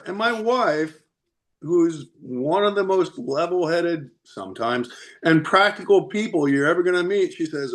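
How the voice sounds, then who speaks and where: Podcast guest, male, slightly higher pitch, animated storyteller. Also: moderate pace. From United States. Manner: animated, chatty, laughs often. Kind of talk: casual storytelling.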